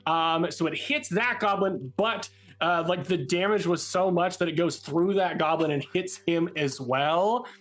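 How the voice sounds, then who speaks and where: An excitable man runs a tabletop game as game master, cheering on his players' rolls. His voice sits slightly high and often trails into filler words as he pieces the scene together. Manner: excitable, halting with many fillers.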